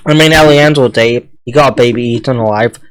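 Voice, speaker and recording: A man's voice: medium pitch, quick pace. A young man co-hosting, chatting casually and rambling through his opinions. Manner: rambling, offhand. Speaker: co-host. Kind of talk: casual chat.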